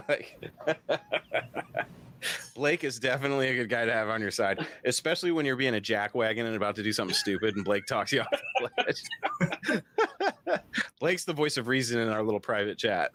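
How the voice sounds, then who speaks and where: A man's voice: mid-range voice, big pitch swings, moderate pace, long pauses, fairly bright tone, slight background noise. A man hosting a casual live-stream chat, laughing often and reading viewer comments aloud. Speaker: podcast host.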